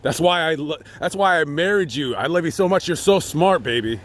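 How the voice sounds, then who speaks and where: A man's voice: a little high, brisk, a little hiss or hum, lightly acted. A man voicing an angry young husband who repeats his accusations, in a heated, insistent way. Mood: smug.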